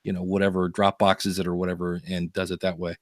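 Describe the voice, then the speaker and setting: A man's voice: low-pitched, monotone, quick pace, dry recording, studio quality. A man co-hosting a podcast, telling stories in casual chat, laughing often. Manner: chatty storyteller, laughs often, many fillers. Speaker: podcast co-host.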